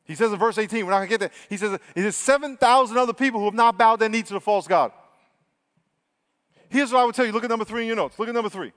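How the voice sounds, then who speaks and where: Preacher, male, fairly high voice, energetic and swinging from loud to hushed, church hall reverb. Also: quick pace. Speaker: pastor. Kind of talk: sermon.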